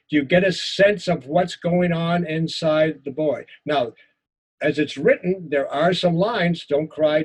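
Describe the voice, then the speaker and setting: A man teaching a writing class, reading a personal story aloud in an earnest way, with halting restarts. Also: a little high, breathy edge.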